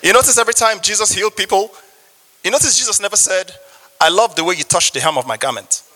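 Fast, bright, and forceful, this high-pitched man reads from scripture and gives an earnest personal testimony during his sermon. He calls on listeners for amens, and the recording carries a long hall reverb.

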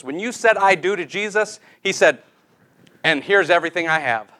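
A man's voice: sits high, animated, moderate pace, pushed and bright. A man preaching a sermon, telling a personal story and leading a prayer in an earnest, pleading way.

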